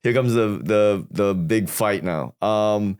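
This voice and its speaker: A man with a very low voice, talking as a guest in a casual conversation. He tells a family story, jumps into quoted voices and restarts his sentences as he goes. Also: slow pace, a little mellow, smooth. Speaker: guest comedian.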